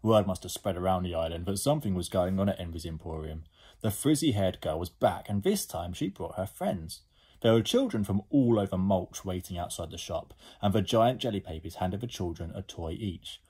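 Male reader, husky, lively, lower voice, school story time. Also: normal speed. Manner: expressive, animated. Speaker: teacher. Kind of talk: storybook reading aloud.

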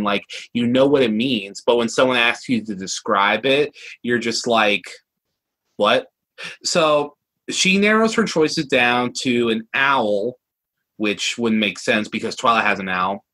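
A man's voice: mid-range voice, sharp tone, husky, poor audio. A man co-hosting a casual review chat, riffing and joking on tangents. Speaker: co-host reviewing a cartoon episode.

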